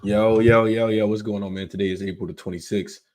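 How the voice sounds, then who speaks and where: A man's voice: on the low side, fairly even intonation, brisk. A man hosting a sports betting show in casual chat, congested from illness, rambling with many fillers and restarts.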